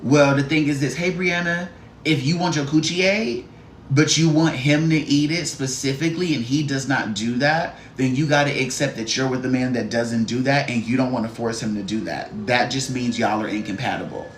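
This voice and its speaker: A man does a live-stream card reading, blunt, profane and sassy, addressing the viewer directly and greeting people in chat. His voice is medium-pitched at normal speed, with a little hiss or hum and a roomy echo.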